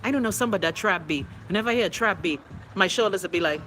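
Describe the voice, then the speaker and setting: Bahamian woman, livestream host, animated storytelling, mid-pitched voice, faint background hum. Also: rapid-fire, low-quality recording. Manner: animated, loud storytelling with bursts of laughter. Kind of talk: casual chat reading viewer comments.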